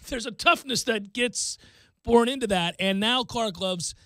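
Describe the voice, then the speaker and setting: Brief: male talk radio host, fairly high pitch, dry close studio sound, animated talker who leans on emphasis. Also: measured pace, dry recording. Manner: animated, emphatic, rocks away from the mic. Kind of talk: casual sports talk radio banter. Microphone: studio microphone.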